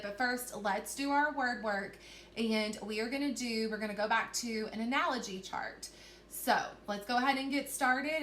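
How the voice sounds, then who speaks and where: A woman teacher giving a recorded reading lesson to children, encouraging and clear, slowly sounding out words. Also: a little high, a bit bright. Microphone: recorded to camera for video. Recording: echoey room, faint background hiss.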